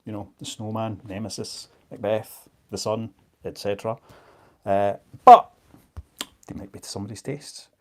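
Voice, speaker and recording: A man's voice: fairly low pitch, level tone, brisk, darkish tone. A man, chatting casually as he auctions books on a live stream, joking at his own expense. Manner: chatty and self-mocking. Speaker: online book seller.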